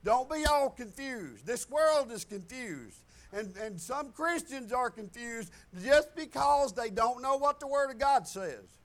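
Man, very high voice, folksy pastor, sermon in a church. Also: lively intonation, a little slow. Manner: folksy preaching, swinging between loud declarations and soft asides. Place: church sanctuary.

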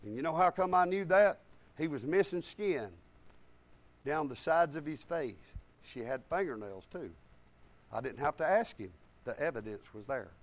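Animated high-voiced man preaching. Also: moderate pace. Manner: folksy, animated storytelling with colloquial grammar. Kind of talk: sermon.

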